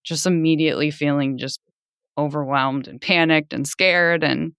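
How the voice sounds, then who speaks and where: A woman in her thirties, a podcast guest, telling a personal story in an animated way, laughing often and jumping high when she quotes people. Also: moderate pace, clear, resonant tone, dry recording, studio quality.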